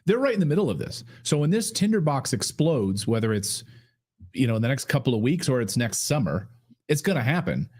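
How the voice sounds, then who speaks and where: A man's voice: medium pitch, very animated, fairly quick, darkish tone, husky. A man hosting a political talk stream, speaking in an emphatic, warning tone. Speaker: show host.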